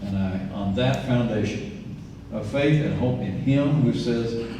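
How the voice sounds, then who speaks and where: A man's voice: mid-range voice, takes it slowly, few pauses, warm tone, a little hiss or hum. A man in his sixties from Indiana giving a campaign speech, telling earnest stories with folksy asides. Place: event venue, large indoor room. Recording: echoey hall, distant mic.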